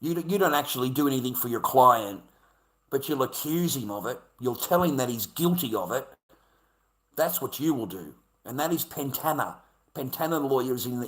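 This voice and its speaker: A man's voice: medium pitch, fairly bright tone. A middle-aged Australian man, a live streamer, angrily ranting in a combative, profane, repetitive way. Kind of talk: angry ranting monologue. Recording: echoey room.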